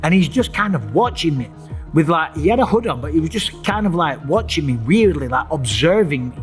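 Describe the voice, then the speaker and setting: A man's voice: a little high, brisk, faint music behind. A middle-aged man, telling a dramatic personal story as host and acting out his own cries and voices. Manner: animated, acts out his own screams and voices.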